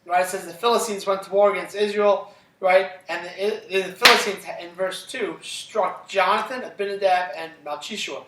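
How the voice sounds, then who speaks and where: A man's voice: high-pitched, moderate pace, a bit bright, echoey room, recorded from a distance, slight background noise. A man teaching a casual classroom Bible lesson, retelling scripture conversationally and checking in with listeners after nearly every sentence. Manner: conversational, checks in with "right?" constantly.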